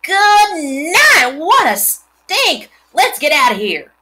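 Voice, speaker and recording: A woman voicing a mischievous young boy in a storybook reading, loud and eager. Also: mid-range voice, lively intonation, moderate pace. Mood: disgusted.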